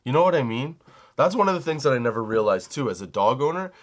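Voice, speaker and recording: A man's voice: medium pitch, fast. Brief: young male comic host, loose and rambling, profane, storytelling mode. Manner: rambling, animated, swears casually. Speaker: comedy podcast host. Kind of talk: casual storytelling monologue.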